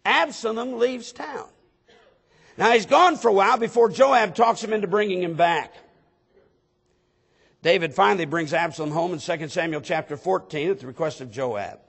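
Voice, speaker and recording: High, gravelly-voiced preaching pastor. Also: male voice, moderate pace. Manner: preaching with emphatic rises to near-shouting; reads scripture aloud in King James wording. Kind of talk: sermon.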